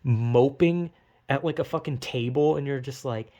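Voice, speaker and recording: A young man with a warm, mid-range voice speaks at normal speed in a casual monologue. His talk is rambling and profane, and he performs quotes in silly voices.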